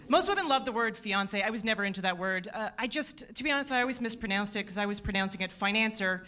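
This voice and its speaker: A woman in her thirties doing a stand-up set in a theatre, self-deprecating with deadpan punchlines. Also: mid-range voice, fast talker, hardly any pauses, very noisy. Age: 30s. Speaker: stand-up comedian. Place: theatre stage at a comedy festival.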